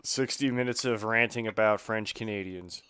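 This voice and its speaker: A man with a low, smooth voice co-hosts a casual gaming chat. He laughs and rambles through his explanations. The sound is dry and close. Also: moderate pace, bright, forceful tone, no room sound. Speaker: podcast co-host.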